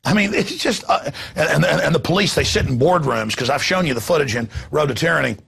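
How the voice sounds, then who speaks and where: Gravelly sarcastic male news ranter. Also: animated, a little fast. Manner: sarcastic, mocking, heated; jumps between loud bursts and low asides. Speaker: host. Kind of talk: ranting news commentary.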